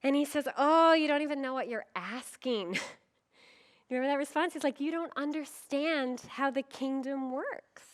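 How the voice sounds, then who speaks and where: A middle-aged woman preaches at a conference in a fairly high voice. She tells her stories with humor and acts out the voices she quotes with lively energy. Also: normal speed. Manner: animated storytelling, acting out quoted voices; humorous, with frequent laughs. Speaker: pastor. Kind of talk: conference sermon.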